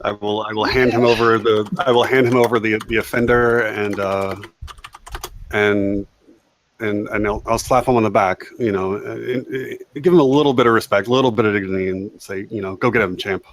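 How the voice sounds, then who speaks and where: A man's voice: lowish voice, steady tone, moderate pace, a little hiss or hum. A man playing a tabletop game, talking in a rambling way with many restarts. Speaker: player. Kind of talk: casual play at a tabletop game.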